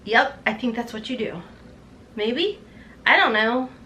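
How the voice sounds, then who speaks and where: A woman, gushing through an unboxing vlog, chatty, excitable and overtired. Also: on the high side, unhurried, a little hiss or hum. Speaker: beauty vlogger.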